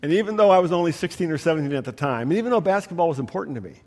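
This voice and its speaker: A man's voice: a little high, lively intonation, rapid-fire, hardly any pauses, a little mellow. A man preaching a sermon, telling stories with emphatic, rising delivery. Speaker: pastor. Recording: long hall reverb.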